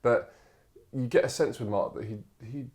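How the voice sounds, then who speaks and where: A man's voice: mid-range voice, moderate pace, a little mellow. A male interviewer musing aloud in casual chat, with loose, hedged phrasing. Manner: thinks aloud, hedging and loose.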